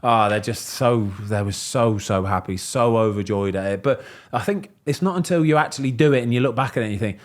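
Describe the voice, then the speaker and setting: A man, hosting a podcast and chatting casually, telling stories in a lively way and acting out what people said. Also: medium pitch, a little fast, few pauses. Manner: animated storyteller, voices quoted people. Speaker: podcast host. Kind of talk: casual chat.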